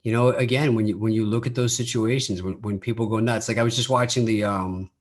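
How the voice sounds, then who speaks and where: A man's voice: lowish voice, fairly even intonation, fairly quick. A man talking casually on his solo podcast, often repeating words as he starts his sentences. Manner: acts out quoted dialogue in his own voice. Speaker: podcast host.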